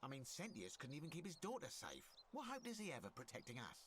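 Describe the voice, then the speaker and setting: An actor playing a shrewd, wry male merchant in an ancient Roman city, speaking in video game dialogue with a smooth, bargaining manner. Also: medium pitch, huge pitch swings, quick pace, fairly bright tone, a little hiss or hum.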